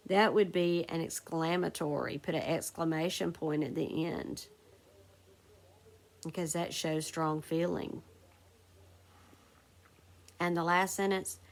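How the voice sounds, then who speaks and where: Female teacher, low gravelly voice, patient, walks young kids through a worksheet. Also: unhurried. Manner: patient, asks the class questions and answers them. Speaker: second grade teacher. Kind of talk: recorded phonics lesson.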